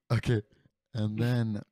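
A man's voice: fairly low pitch, warm tone. A young man telling a rambling, profane story in casual talk with friends, peppering it with "bro". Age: young adult.

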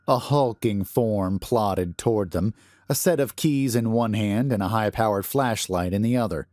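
A man reads a horror story aloud with a low voice and a slow, unhurried, deliberate delivery. His measured tone stays steady from line to line. The sound is close and dry, with no room echo. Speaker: narrator. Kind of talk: horror audiobook narration.

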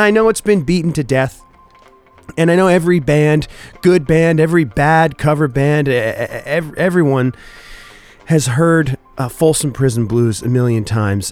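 A younger man hosting a country music radio show, chatting in a relaxed, folksy way with filler words. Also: on the high side. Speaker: radio host. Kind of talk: casual radio show chat.

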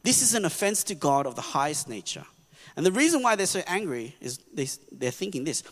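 Man, pastor, sermon, conversational, earnest, slightly high voice, long hall echo. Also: big pitch swings, a little fast. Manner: earnest, conversational preaching with frequent "right?" asides. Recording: long reverb of a church hall.

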